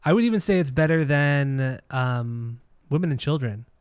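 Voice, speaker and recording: A man's voice: medium pitch, animated, normal speed, a little mellow, clean tone, dry recording. A man co-hosting a casual music podcast, talking in a blunt, opinionated way and swearing freely. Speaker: podcast co-host. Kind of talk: casual chat about music and records.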